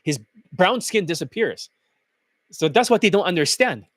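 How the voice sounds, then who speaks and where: A man's voice: sits high, expressive, normal speed, fairly bright tone, no room sound. A man who coaches dating, talking in a blunt, crude and scornful rant. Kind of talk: profane ranting monologue.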